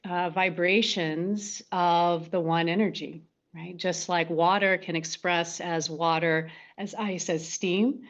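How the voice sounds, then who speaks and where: A woman leading a meditation class, giving a gentle dharma talk and often checking in with "right?" and "okay?". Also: fairly low pitch, muffled recording. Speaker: meditation teacher.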